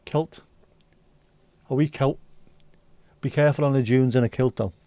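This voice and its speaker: A man's voice: medium pitch, steady tone, normal speed, mellow, no room sound. A man from North West England, hosting a casual livestream and bantering with chat comments. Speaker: livestream host.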